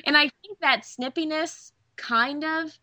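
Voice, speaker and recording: A young woman from the American South, a voice actress telling an animated story in an interview and laughing often. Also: sits high, unhurried, no room sound. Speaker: voice actress guest.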